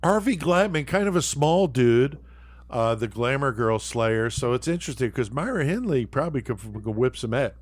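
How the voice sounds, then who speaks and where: A man's voice: mid-range voice, lively intonation, moderate pace, no room sound. A man with a mid-range voice hosting a casual podcast. He keeps the segment moving at an upbeat clip and hands turns to his co-hosts. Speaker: podcast host.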